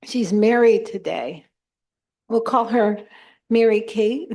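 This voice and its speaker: A woman with a slightly high voice leads a club meeting, chatting and joking between items. She talks slowly. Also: a little mellow. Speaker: toastmaster of the meeting. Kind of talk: meeting facilitation.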